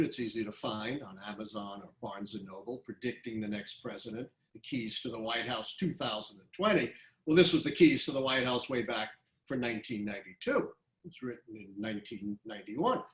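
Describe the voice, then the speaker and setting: A man in his seventies from Brooklyn, a history professor giving a public lecture, telling stories in an animated, emphatic way with quick asides. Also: mid-range voice, reverberant, poor audio. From Brooklyn, USA.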